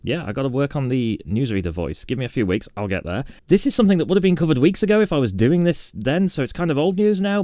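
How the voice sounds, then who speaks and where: A man's voice: medium pitch, a little mellow, dry recording. A British man hosting a casual tech news roundup with a dry, self-mocking sarcastic humor. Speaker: tech channel host.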